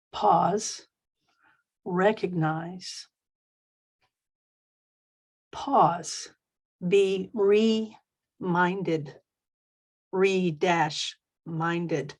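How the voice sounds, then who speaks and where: A woman minister delivering a sermon, expressive and emphatic, slowing down to stress key phrases. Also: on the low side, slightly rough.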